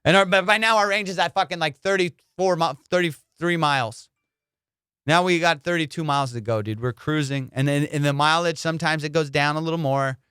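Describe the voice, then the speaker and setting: Male comic host, excitable profane storyteller, smooth higher voice, dry close sound. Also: fairly quick, no room sound. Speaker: comedian podcast host. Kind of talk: animated storytelling.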